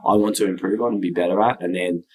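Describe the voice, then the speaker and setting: A man's voice: low-pitched, steady tone, fast, low-quality recording. A man, a father co-hosting a podcast, talking in an earnest, reflective way. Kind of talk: casual podcast chat.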